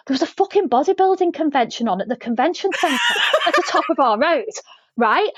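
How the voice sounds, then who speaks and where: Woman, animated storyteller, salty language, slightly high pitch, slightly muffled dry recording. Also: a little fast, no echo. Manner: lively, swearing storyteller, laughs often. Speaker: podcast guest. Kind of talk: casual anecdote in an interview. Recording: slightly dull, dry podcast audio.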